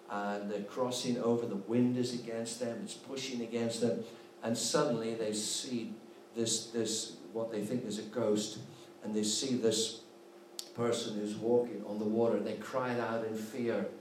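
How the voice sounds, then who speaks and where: A man's voice: lowish voice, darkish tone. A man preaching a sermon as pastor, earnest and repetitive, building to fervent encouragement. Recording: roomy, distant mic, faint background noise.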